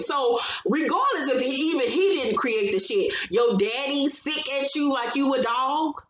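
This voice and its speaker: A woman recapping a reality TV episode in casual chat, telling it with animated, profane storytelling and acting out what people said. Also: sits high, normal speed, hardly any pauses. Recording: roomy echo, faint background noise.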